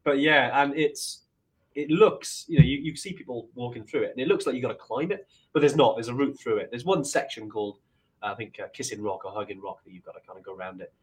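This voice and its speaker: A man in easygoing conversation, his voice at a middling pitch. He wanders through his thoughts with frequent restarts and fillers. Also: fast. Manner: rambling, with many restarts and fillers. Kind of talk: casual chat.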